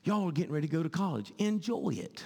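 A male pastor preaching a sermon in church, swinging from fervent shouting to hushed pleading. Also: a little high, animated, fast talker, vocal fry, breathy edge, big-room sound.

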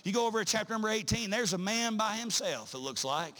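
Preacher guy, high voice, chanty sermon with lots of uh's, gets shouty. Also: lively intonation, fast. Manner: chanting, rising to shouts, many "uh" breaks.

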